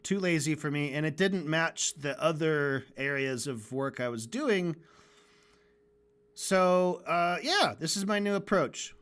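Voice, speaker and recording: A man's voice: a little high, a bit bright. A man streaming while he animates, chatting casually, joking and swearing as he rambles through his work. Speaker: animator and livestream host. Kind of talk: casual livestream chat while working.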